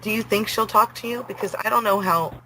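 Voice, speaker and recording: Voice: medium pitch, brisk, sharp tone, slight background noise, rough recording. Angry, provoking prank caller on a phone. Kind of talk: phone conversation.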